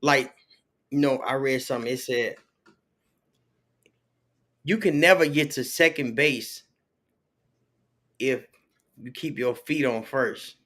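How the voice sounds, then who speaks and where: Speaking slowly with long pauses, a man with a mid-range, fairly bright voice guests on a podcast in casual conversation. He spins stories in loose slang, imitating the voices he quotes.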